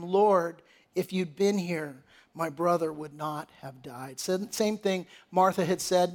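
A male pastor preaching a sermon, reading scripture aloud and retelling it in everyday words, sometimes dropping to a hush for emphasis. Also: high voice.

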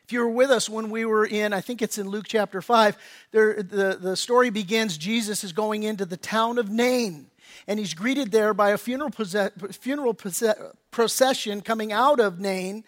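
A male pastor preaching a sermon in a folksy, conversational way, rising loud for emphasis and dropping low and quiet on solemn points. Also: normal speed. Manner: folksy, conversational preaching with animated swings in volume.

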